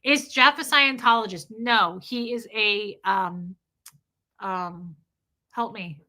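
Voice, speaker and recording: A woman's voice: medium pitch, takes it slowly, bright, forceful tone. A middle-aged woman hosting a casual livestream, chatting bluntly, swearing freely and reading viewer comments aloud. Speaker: livestream host.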